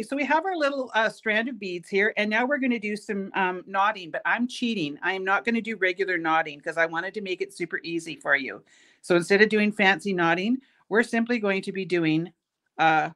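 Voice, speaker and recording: A woman's voice: mid-range voice, a little fast, fairly bright tone. Chatty middle-aged woman teaching beading. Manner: chatty, self-mocking, laughs at her own jokes. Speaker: host, bead shop owner teaching a craft. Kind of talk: casual craft tutorial with chatty asides.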